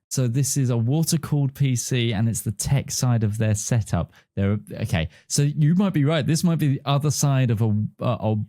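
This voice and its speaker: Laid-back guy cohosting, low mellow voice, dry close mic. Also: no room sound. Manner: easygoing, repeats himself while thinking. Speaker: podcast co-host. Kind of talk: casual chat reviewing desk setups.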